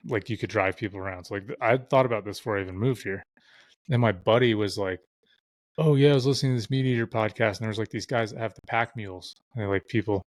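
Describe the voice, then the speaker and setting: Rattling off stories quickly as a guest on a podcast, this man swears freely and leans heavily on filler words. He has a lowish voice, captured in a dry recording.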